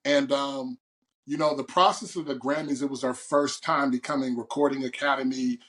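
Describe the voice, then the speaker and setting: A man from Oakland, a guest poet, telling his story in an interview with animated, boisterous energy. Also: medium pitch, normal speed. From Oakland, California. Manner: animated, storytelling, boisterous and loud when excited. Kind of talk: interview conversation.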